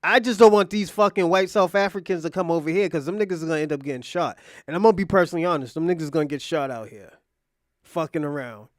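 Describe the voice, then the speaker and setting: A man's voice: fairly high pitch, quick pace, no room sound, studio quality. A man giving heated reaction commentary, angry and profane, ranting in disbelief. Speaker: commentary streamer.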